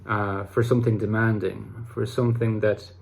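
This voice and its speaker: A man's voice: lowish voice, level tone, normal speed, vocal fry. A man hosting an online channel, talking casually to camera in a reflective, rambling way, restarting phrases and using fillers. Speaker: YouTube host talking about personality types.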